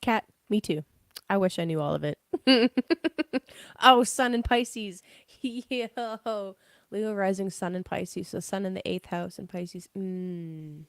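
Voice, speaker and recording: A woman's voice: mid-range voice, unhurried, no room sound. A young woman giving a casual live tarot reading, chatty, laughing often and swearing freely. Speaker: tarot reader.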